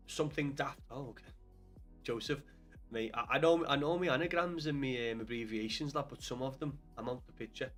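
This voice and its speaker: A man's voice: mid-range voice, fairly quick, fairly bright tone, faint music behind. A young man with a Scouse accent chatting casually on a live stream about football, swearing often and calling viewers lad. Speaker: livestream host.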